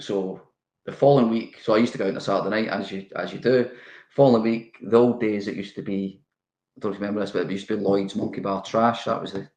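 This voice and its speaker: A middle-aged Scottish man with a low voice tells anecdotes from his playing days, with a lively, laughing delivery. The sound is roomy and echoey around him. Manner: animated anecdote telling with laughs. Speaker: guest, former footballer. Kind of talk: casual storytelling interview.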